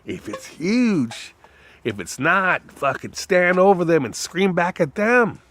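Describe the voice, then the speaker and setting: A man in a rambling, profane monologue whose voice swings between loud outbursts and low mutters. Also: big pitch swings, takes it slowly, a little hiss or hum.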